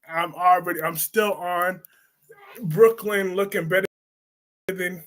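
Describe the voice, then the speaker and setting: A man hosting a live stream, reading viewer comments and reacting in a sassy, blunt, animated way. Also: sits high, takes it slowly. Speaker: host of a live soap opera discussion stream.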